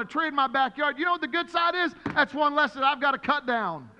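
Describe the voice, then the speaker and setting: Pastor guy preaching hard, high bright voice, big reverby hall. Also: expressive, fast talker, few pauses. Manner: emphatic preaching with repetition, rising to shouts. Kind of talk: sermon.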